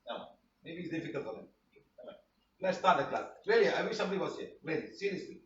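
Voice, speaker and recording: A man's voice: a little high, big pitch swings, quick pace, slight background noise. A man teaching a healing class, rambling and repeating himself for emphasis. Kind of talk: online class presentation. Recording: roomy, distant, dull sound.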